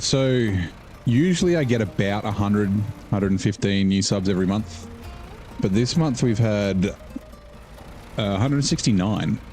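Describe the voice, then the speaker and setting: A man's voice: lowish voice, a little mellow. A man casually commenting while he live-streams a game, rambling and joking with his viewers. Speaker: gaming streamer.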